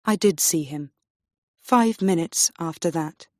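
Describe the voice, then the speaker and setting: A woman teaching English, reading a graded story aloud slowly and clearly for learners. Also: on the low side, a little mellow, dry recording, clean studio sound. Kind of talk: slow graded-reader story narration.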